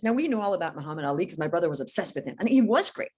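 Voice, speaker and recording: A woman's voice: fairly low pitch, big pitch swings, rapid-fire, a little mellow, slightly rough. A middle-aged woman coaching in a casual interview, blunt and emphatic, acting out conversations as she tells stories. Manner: emphatic, blunt, acts out dialogue. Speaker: business coach guest. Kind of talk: casual podcast interview storytelling.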